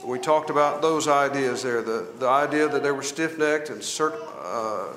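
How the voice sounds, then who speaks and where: A man's voice: mid-range voice, normal speed, a bit bright. Man teaching Bible class in an echoey room. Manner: asks the class questions, then answers them himself. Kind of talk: Bible study lesson, reading scripture aloud.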